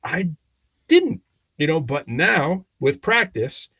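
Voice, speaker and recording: Gravelly animated man chatting. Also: fairly high pitch, slow, no echo. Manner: animated storyteller, lots of restarts. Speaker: podcast co-host. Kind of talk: casual conversation.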